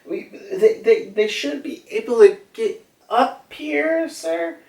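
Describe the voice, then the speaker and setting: A man's voice: very high-pitched, lively intonation, takes it slowly, gravelly, darkish tone, voice pushed up, exaggerated voice. A man voicing a nervous male assistant scientist who stammers in a raised voice. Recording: roomy, slightly distant mic.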